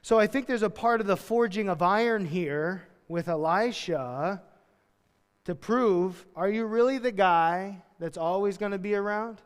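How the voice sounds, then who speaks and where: A high-voiced man preaching to his congregation, telling the story with animated, casual energy and slipping into the voices of the characters. His voice carries a long reverb, as if filling a large church hall. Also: unhurried, smooth. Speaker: pastor. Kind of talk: sermon. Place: church sanctuary.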